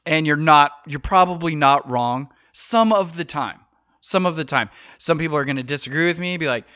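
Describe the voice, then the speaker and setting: Bright-voiced man ranting on a podcast. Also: on the high side, moderate pace, smooth, no echo. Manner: casual, rambling, swears freely. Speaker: podcast host. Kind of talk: solo podcast monologue. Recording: dull lo-fi dry mic sound.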